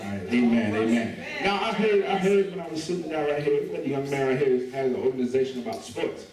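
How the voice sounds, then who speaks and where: A man's voice: medium pitch, quick pace, a crowd in the background. Joking guest preacher man in echoey church. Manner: relaxed, joking, invites the congregation to talk back. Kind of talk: sermon with call and response. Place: church sanctuary. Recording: echoey church heard from a distance.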